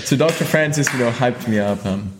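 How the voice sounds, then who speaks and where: A young man from Hong Kong, a guest on an interview, recounting his story in a casual, animated way full of "like" and "you know". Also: medium pitch, fairly quick, noisy background. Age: young adult. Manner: animated, filler-heavy, lots of "like" and "you know". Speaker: guest, Olympic skier.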